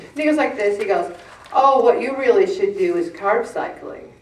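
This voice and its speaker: A woman shares a personal story with a group, chatty and animated, often acting out the people she talks about. Her voice sits at a middle pitch. She sounds set back from the mic in a roomy, echoing space. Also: fairly quick. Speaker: weight-loss group leader. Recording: echoey room, mic at a distance.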